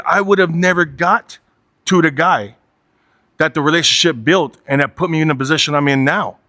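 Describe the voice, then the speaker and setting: Fairly high-pitched with a fairly bright tone, this man in his forties delivers a frank motivational talk with no echo on the recording. He swears bluntly, repeats himself to drive points home, and keeps tagging on "right?".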